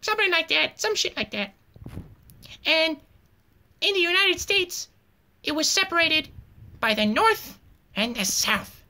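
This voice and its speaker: A woman's voice: very high voice, big pitch swings, measured pace, long pauses, sharp tone, heavily acted. A woman voicing a goofy cartoon giraffe who teaches history in an offhand, crude way, full of fillers and swearing. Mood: flippant. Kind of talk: comedic cartoon narration.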